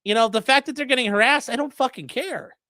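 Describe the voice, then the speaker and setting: A streamer giving casual legal commentary and reading chat, blunt, profane and mocking, swinging between loud outbursts and low muttering. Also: fast talker, dry recording, clean studio sound.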